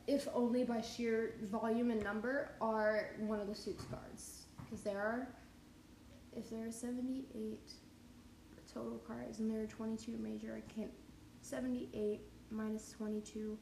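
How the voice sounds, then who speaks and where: A woman's voice: fairly high pitch, mellow. Chatty woman podcaster in an echoey room. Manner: chatty, goofy, breaks into off-key singing and tangents. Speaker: podcast host. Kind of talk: casual podcast reading and chat. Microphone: home podcast mic. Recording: echoey room with faint background noise.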